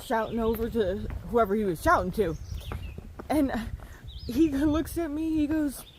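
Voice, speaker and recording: A woman thru-hiker vlogging outdoors on a mountain trail into a handheld camera, a chatty, animated storyteller. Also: a little high, a little slow, a little hiss or hum. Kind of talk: casual trail vlog.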